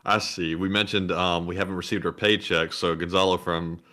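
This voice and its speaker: A man's voice: low voice, steady tone, normal speed, pushed and bright. A man co-hosting a casual livestream, reading out viewer donations with dry, chuckling asides. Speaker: livestream co-host. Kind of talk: reading super chats on a livestream.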